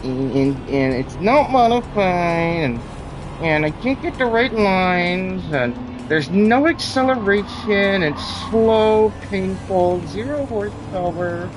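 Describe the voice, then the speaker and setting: A man's voice: high voice, lively intonation, takes it slowly, noisy background. A man commenting on his own racing game in a mock-formal, theatrical way, complaining with exaggerated drama. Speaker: gaming streamer. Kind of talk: casual gameplay commentary. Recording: game music loud behind.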